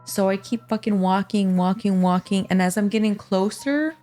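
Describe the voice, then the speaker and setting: A young woman tells a scary story in a loose, profane way and acts out the voices of the people in it. Her pitch sits in the middle range, and faint music plays behind her. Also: normal speed. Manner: profane, animated storyteller acting out quotes. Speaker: guest. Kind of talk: casual storytelling.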